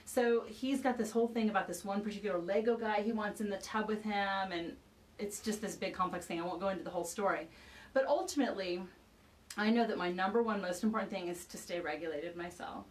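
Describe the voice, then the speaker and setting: A woman parenting expert explaining ideas through a lively personal anecdote in casual conversation. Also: medium pitch, fairly quick, far from the mic, slight background noise, rough recording. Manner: animated storyteller, acts out quoted dialogue. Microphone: video call.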